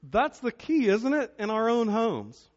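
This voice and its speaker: A male pastor preaching a sermon, telling a humorous personal story in an animated way before drawing out its lesson. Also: extremely high pitch, a little slow. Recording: dull lo-fi sermon recording.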